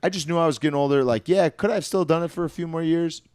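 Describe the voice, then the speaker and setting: A man in his thirties telling stories in casual podcast chat, animated and profane, often trailing off into hushed asides. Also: fairly high pitch, quick pace, no room sound, clean studio sound. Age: 30s. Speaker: podcast co-host, retired fighter.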